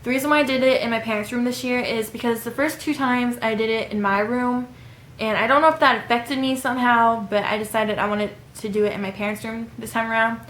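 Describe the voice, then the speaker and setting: A woman's voice: a little high, steady tone, a little fast, a bit bright, a little hiss or hum. A woman in her twenties giving casual advice in a vlog, chatty and rambling with frequent ums. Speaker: vlogger. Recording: echoey room.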